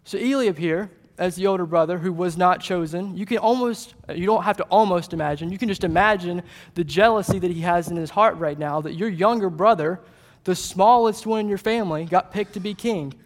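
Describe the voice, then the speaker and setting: A man preaching a sermon, retelling a Bible story in lively casual paraphrase and voicing its characters. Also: high-pitched, fairly quick. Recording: long hall reverb.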